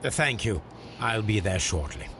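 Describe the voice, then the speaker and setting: An actor playing a calm, sardonic male detective, speaking in a dry, measured way. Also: fairly low pitch, slight background noise.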